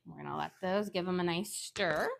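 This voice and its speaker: A woman's voice: fairly low pitch, normal speed, vocal fry, slight background noise. Chatty woman cooking at home. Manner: chatty, instructional, sidetracked into anecdotes. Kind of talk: casual cooking demonstration. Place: home kitchen.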